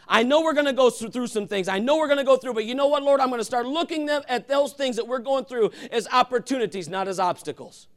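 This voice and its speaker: A male pastor preaching a sermon, swinging from loud calls to hushed, intimate asides. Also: extremely high pitch, quick pace, hardly any pauses.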